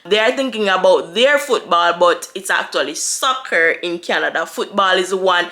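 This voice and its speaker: A woman's voice: lowish voice, pushed and bright. A young woman from Jamaica with a Jamaican accent, chatting casually to the camera and answering viewer questions, laughing often. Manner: chatty, laughs often, quick with playful asides. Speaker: vlogger. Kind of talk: casual Q&A vlog.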